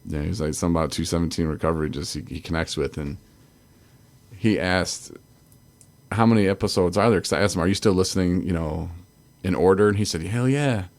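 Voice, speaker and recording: Talking fast in a deep, darkish voice, a Michigan man co-hosts a recovery podcast. The chat is casual and rambling, broken up by laughter and frequent restarts as he interrupts himself.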